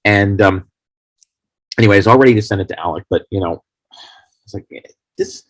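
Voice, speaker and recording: Husky low-voiced man telling rambling stories. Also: fairly quick, no echo. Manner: rambling, animated storytelling. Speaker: fan film creator, interview guest. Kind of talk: casual anecdotal storytelling.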